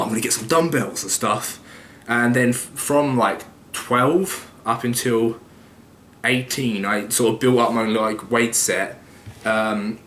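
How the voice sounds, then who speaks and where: Rambling young man, bright voice. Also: medium pitch, reverberant, slight background noise. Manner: rambling, loose and jokey, swears casually. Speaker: YouTuber answering viewer questions. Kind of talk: casual vlog Q&A.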